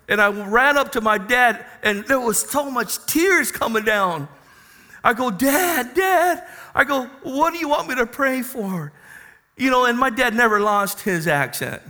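A man preaching a sermon as a pastor, telling a personal story with passion and loud emphatic bursts. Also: very high voice.

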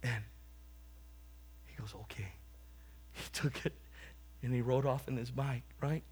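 A man's voice: medium pitch, little pitch movement, unhurried, darkish tone, breathy edge. A man preaching a sermon, telling a humorous story and then exhorting and praying fervently.

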